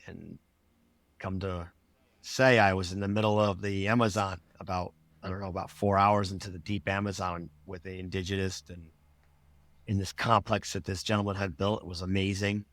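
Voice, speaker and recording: A man's voice: sits low, little pitch movement, moderate pace, a bit bright, dry recording. A man who works as a life coach, telling a personal story as a podcast guest, earnest and rambling, acting out his past thoughts in quotes.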